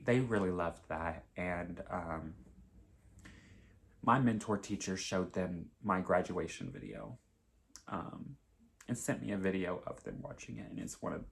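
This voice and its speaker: A man's voice: deep voice, vocal fry. A young man in his twenties chatting casually with viewers in a home craft vlog, rambling and openly emotional. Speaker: cross-stitch vlogger. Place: home, indoors.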